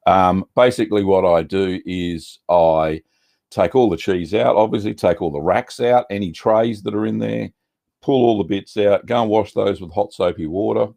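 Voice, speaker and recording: A middle-aged Australian man hosting a casual livestream chat, relaxed and rambling with lots of ums and uhs. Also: fairly low pitch, normal speed, vocal fry. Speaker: cheese-making livestream host.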